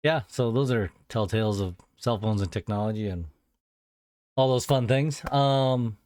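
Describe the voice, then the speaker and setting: A man hosting a podcast in relaxed, rambling casual chat. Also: medium pitch, a little slow, no echo, studio quality.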